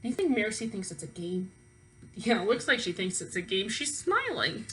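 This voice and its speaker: A woman teacher reading a children's book aloud expressively, pausing to ask her young listeners questions. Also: mid-range voice, very animated, a bit bright, a little hiss or hum, rough recording.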